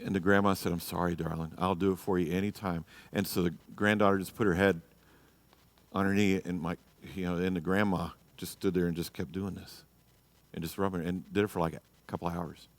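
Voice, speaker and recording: A man's voice: low-pitched, fairly even intonation, a little fast, long reverb tail. A man teaching a church marriage class, blunt and exhorting, often checking in with "you know" and "okay?". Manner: acts out quoted people in a raised voice.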